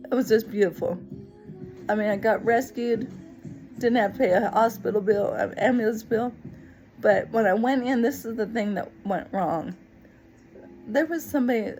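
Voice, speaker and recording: A woman telling a personal story in a lively, expressive way, acting out other people's lines as she goes. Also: mid-range voice, gravelly, low-quality recording. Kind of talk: personal story told to the camera.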